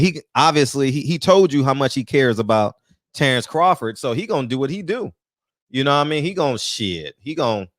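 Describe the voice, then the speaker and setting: A man's voice: on the high side, a bit bright, no echo, clean studio sound. Chatty man hosting a loose live boxing talk. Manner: loose and chatty, swears casually; laughs often. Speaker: host of a live-streamed boxing talk show. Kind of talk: casual live-stream chat, greeting viewers by name. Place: small room.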